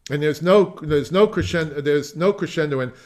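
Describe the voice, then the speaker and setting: The man's voice sits on the high side, with a darkish tone and a moderate pace. He's giving a music masterclass over video call, explaining at length, wandering into asides, and singing phrases as demonstrations.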